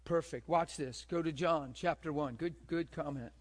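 A man preaching to a gathered room, spinning a story and checking in with his listeners again and again. His voice sits a little higher than most men's. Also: moderate pace. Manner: storytelling, asks the room questions. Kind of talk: sermon. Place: room with a live audience.

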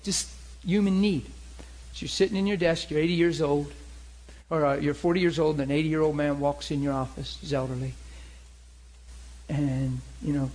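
A man preaching in an animated storytelling style, checking in with his listeners with frequent asides. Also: a little high, moderate pace, rough recording. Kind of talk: sermon-style teaching.

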